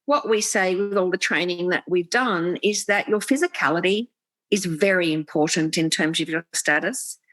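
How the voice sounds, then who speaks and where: A woman speaking as an executive coach in an interview, explaining with animation and slipping into quoted inner voices. Her voice sits fairly low. The video call audio is close and dry. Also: moderate pace, fairly bright tone, no room sound, poor audio.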